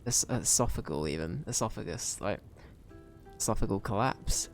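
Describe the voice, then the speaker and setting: A man's voice: on the low side, moderate pace, faint music behind. A man streaming a video game, rambling and joking at his own expense as he plays. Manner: rambling, self-mocking, jokey. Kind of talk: casual gameplay commentary.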